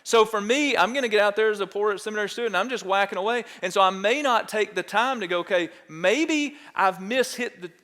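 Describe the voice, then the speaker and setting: A man's voice: high-pitched, quick pace, hardly any pauses, pushed and bright, big-room sound. A man, a pastor preaching a conversational sermon in church that keeps checking in with the congregation. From Texas. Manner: conversational, asks the congregation questions. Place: church sanctuary.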